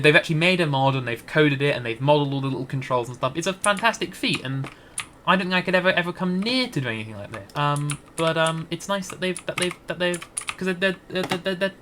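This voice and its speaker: A man's voice: a little high, bright, forceful tone, slight background noise. A Scottish man giving rambling, hesitant gameplay commentary into a desk mic, with many restarts. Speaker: gaming YouTuber.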